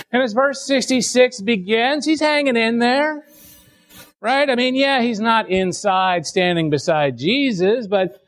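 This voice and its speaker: A man preaching a sermon, reading scripture aloud and then explaining it in a conversational way, often restarting and repeating words. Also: sits high.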